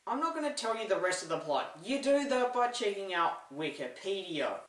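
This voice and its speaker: A woman giving a comedic, opinionated movie review with sarcastic deadpan asides. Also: mid-range voice, moderate pace. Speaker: film reviewer. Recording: roomy echo, distant from the mic.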